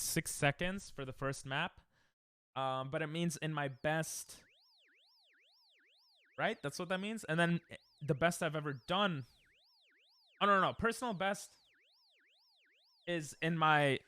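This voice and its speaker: A young man chatting casually and excitably while he streams a speedrun, joking and breaking into laughter. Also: fairly high pitch, smooth. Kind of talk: casual gaming stream chat.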